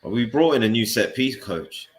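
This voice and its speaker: A man's voice: medium pitch, expressive, moderate pace, over a noisy crowd. A man co-hosting a football watchalong, grumbling wearily about the team. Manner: weary, grumbling. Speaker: co-host. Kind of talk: casual live watchalong chat.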